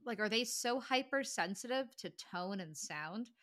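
A woman co-hosting a podcast in casual chat, animated and full of filler words. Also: fairly high pitch, measured pace. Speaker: podcast co-host.

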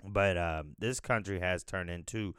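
A man from the United States rambling through casual commentary, thinking aloud and swearing freely. His voice is smooth and resonant, and he takes his time with each thought. The sound is close and dry, with no room echo. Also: low-pitched, unhurried, a bit bright. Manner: loose, profane, thinking aloud. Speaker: podcast host.

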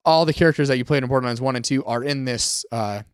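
Lively storytelling man with a smooth voice. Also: mid-range voice, quick pace, dry recording, clean studio sound. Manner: animated storyteller, acts out quotes. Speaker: podcast co-host. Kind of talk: casual gaming chat.

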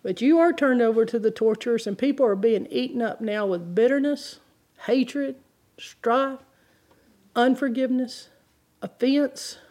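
A woman's voice: a little high, expressive, fairly quick, few pauses, mellow. A woman preaching a sermon, telling stories and reading scripture in an earnest, emphatic way.

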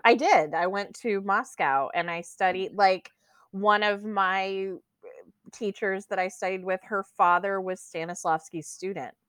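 A young adult woman, a guest actor, chatting casually and telling lively stories about her acting training. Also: mid-range voice, measured pace, clean tone, dry recording, studio quality. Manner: animated storyteller, imitates teachers. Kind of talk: casual chat.

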